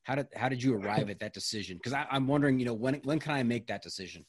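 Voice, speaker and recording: A man's voice: medium pitch, very fast, no echo, clean studio sound. A man hosting a podcast, asking curious, self-deprecating questions. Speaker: podcast host.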